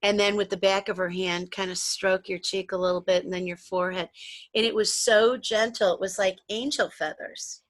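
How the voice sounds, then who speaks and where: A woman co-hosting a talk show, reminiscing in a rambling, animated storytelling way with frequent restarts. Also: medium pitch, normal speed, no echo. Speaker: co-host. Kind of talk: casual storytelling chat.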